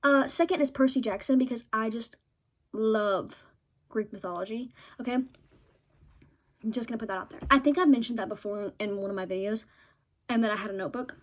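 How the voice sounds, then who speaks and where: At normal speed but with long pauses, a young woman whose voice sits on the high side chats excitedly in a vlog about the shows and books she adores. She often wraps up a point with "okay?".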